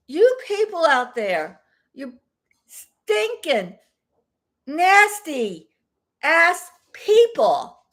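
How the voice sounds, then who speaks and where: A woman ranting in a casual vlog from home, blunt and heated, with mild swearing, rambling and repeating herself. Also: high-pitched. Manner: rambling and repetitive. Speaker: vlogger.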